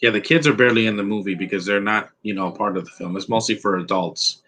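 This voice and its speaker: A man's voice: lowish voice, fast talker, bright, forceful tone, low-quality recording. A man giving a rambling, opinionated live commentary over a film, restarting his sentences often. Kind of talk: casual live movie commentary.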